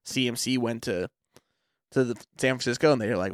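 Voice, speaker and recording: A man co-hosting a fantasy football podcast, relaxed and agreeable, full of fillers like "I mean" and "like". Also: medium pitch, normal speed, no room sound, studio quality. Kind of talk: casual sports chat.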